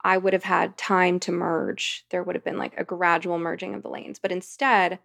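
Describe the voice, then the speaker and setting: A woman's voice: lowish voice, little pitch movement, moderate pace, creaky, a bit bright, no echo, clean studio sound. A woman, a podcast guest, telling a long personal anecdote in a rambling, vivid conversational way. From United States. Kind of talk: storytelling in conversation.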